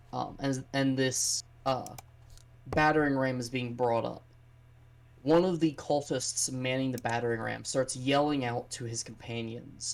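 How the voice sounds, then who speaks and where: This is a game master narrating a tabletop battle on a live stream. The narration is slow and deliberate, with frequent fillers. The voice sits in a middle pitch.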